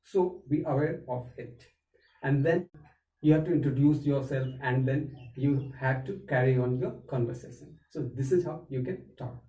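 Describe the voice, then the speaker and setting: A man teaching an English lesson, explaining phrases and repeating them slowly for learners. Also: mid-range voice, dark tone. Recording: echoey room, mic far off.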